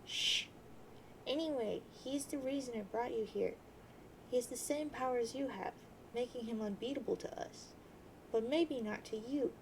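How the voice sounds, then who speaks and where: A woman voicing a patient, guilt-ridden teenage girl who hushes and soothes. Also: fairly high pitch, normal speed, gravelly, slight background noise, rough recording. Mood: soothing. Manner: soothing, hushing.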